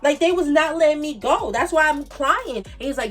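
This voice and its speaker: Animated Bronx woman telling a story. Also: high-pitched, a little fast, distant mic, faint music behind. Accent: New York (Bronx). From the Bronx, New York. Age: 20s. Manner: animated, emphatic, repeats points for emphasis. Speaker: vlogger. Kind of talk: casual storytime monologue.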